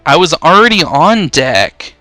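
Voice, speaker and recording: A man's voice: on the high side, sing-song, measured pace, sharp tone, no room sound, soft background music. A young man giving casual, rambling let's-play commentary, swearing freely and poking fun at himself. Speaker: gaming YouTuber.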